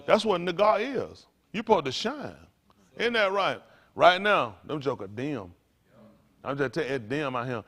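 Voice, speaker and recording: Older preacher guy, folksy and playful, slightly high voice, yells now and then. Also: very animated, moderate pace. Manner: loud, playful, folksy preaching with shouted bursts. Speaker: pastor. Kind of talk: preaching to a congregation.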